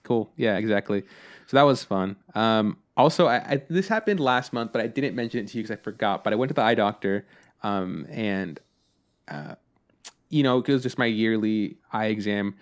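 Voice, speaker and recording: A man's voice: lowish voice, animated, moderate pace. A young adult man co-hosting a podcast in casual chat, telling stories animatedly, acting out both sides of conversations and swearing casually. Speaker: podcast co-host.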